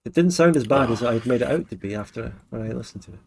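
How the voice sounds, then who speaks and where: A man's voice: mid-range voice, lively intonation, fast, gravelly, darkish tone, slight background noise. Musing man hosting a live stream. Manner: musing, trails off and restarts sentences. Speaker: stream host. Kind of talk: casual live-stream chat.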